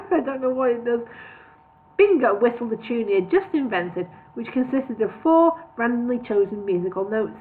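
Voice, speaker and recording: A woman's voice: on the high side, very animated, normal speed. A woman reading a parody storybook aloud on a livestream, with wry, chatty asides. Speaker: reader of a parody book. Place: home, livestream. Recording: tinny phone-like audio.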